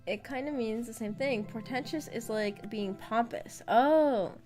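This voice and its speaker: A woman's voice: fairly high pitch, measured pace, dark tone, soft background music. Giggly chatty woman streamer. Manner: giggly, chatty, reads chat aloud. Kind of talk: casual book discussion.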